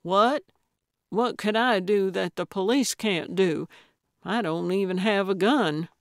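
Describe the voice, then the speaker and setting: A woman voicing an excitable, eccentric older female amateur sleuth in an audiobook, gleeful about crime. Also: medium pitch, slow, no room sound, studio quality. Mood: eager. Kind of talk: audiobook character voice.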